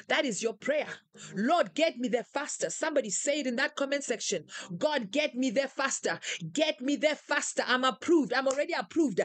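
A woman's voice: high-pitched, no echo. A woman preacher leading a live prayer session, fervently calling out names and declarations in rhythmic, repeated phrases. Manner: repetitive, rhythmic calls.

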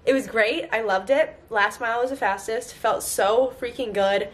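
A woman's voice: fairly high pitch, moderate pace. Bubbly giggly young woman vlogging. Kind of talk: casual vlog chat. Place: car and outdoors by the beach. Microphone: handheld camera.

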